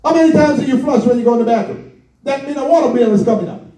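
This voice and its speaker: High-voiced pastor preaching in an echoey hall. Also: male voice, dark tone, recorded from a distance. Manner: preaching with drawn-out emphasis and direct address. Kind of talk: sermon. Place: church hall.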